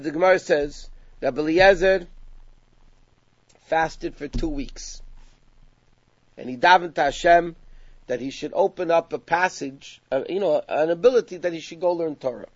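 A man teaching a Talmudic story to a class, acting out the dialogue with lively emphasis. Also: a little high, moderate pace, dry recording. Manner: animated, acts out dialogue with rising emphasis. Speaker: Torah teacher. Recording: dull lo-fi sound.

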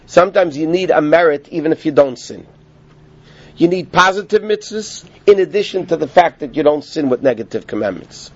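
A man teaching a Torah class, telling stories with animated emphasis and peppering his talk with Hebrew learning terms. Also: on the high side, a little fast, dull audio. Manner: animated storytelling, rising with emphasis, Yiddish-inflected learning terms. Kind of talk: Torah lecture.

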